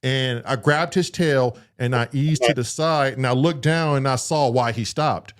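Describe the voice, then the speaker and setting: A mid-range male voice, a little slow, tells a long story during casual podcast talk as co-host. He swears freely and reenacts his own reactions, animating the story with profane, acted quotes.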